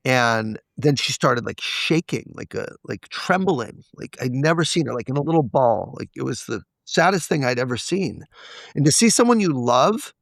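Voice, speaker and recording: A man's voice: mid-range voice, sing-song, normal speed, gravelly, dry recording. A man as a podcast guest, candidly telling a personal story and acting out the quoted dialogue. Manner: confessional, acts out quoted dialogue.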